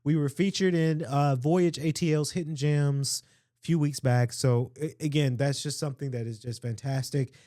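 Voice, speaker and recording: A chatty man with a drawl, talking in a slightly high voice on a close podcast mic. The room sounds dry and tight. He rambles through a casual solo show, with plenty of fillers and restarts. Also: steady tone, normal speed, warm tone, no echo. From Atlanta area, US. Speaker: podcast host.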